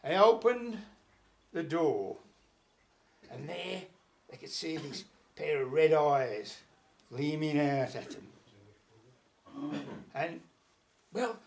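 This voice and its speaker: A man's voice: fairly high pitch, takes it slowly, long pauses. A man telling a folk tale aloud at a folk club, in a chatty manner with asides. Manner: chatty, lively storytelling with asides.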